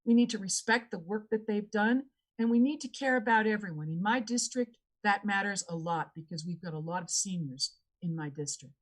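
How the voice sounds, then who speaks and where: A woman answering as a candidate in an election debate, earnest and measured, with frequent fillers and restarts. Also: mid-range voice, animated. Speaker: political candidate.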